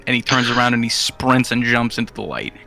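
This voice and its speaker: A man narrating a tabletop game as game master, slowly painting scenes, with frequent "um"s. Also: medium pitch, gravelly, sharp tone, faint music behind. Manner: descriptive, slowing down for vivid scenery, with frequent "um"s.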